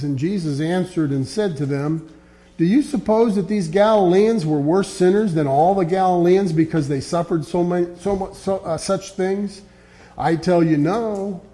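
A man preaching a sermon, reading scripture aloud and dropping low and quiet to press his points. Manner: earnest, quotes scripture, drops low and quiet on key points.

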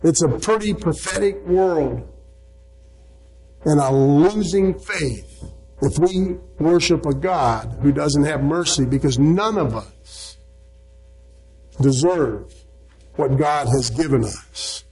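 A man delivers a sermon in a high voice, taking his time over each phrase. He leans on key words with emphatic weight and cites chapter and verse as he goes. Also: darkish tone, poor audio. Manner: slow, emphatic preaching, quoting scripture references. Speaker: preacher.

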